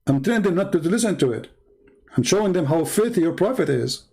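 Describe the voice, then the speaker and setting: A man's voice: sits high, sing-song, fast talker, gravelly, a little mellow, husky. A man hosting a livestream, talking in a blunt, combative and repetitive way. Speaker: host. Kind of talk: livestream commentary.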